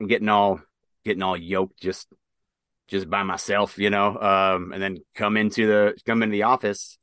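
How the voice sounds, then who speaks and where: Veteran guest, male, from Nebraska; halting casual storyteller, dry close sound. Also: lowish voice, flat delivery, a bit bright, clear, resonant tone, no echo. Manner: halting, many fillers and restarts. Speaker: interview guest, military veteran.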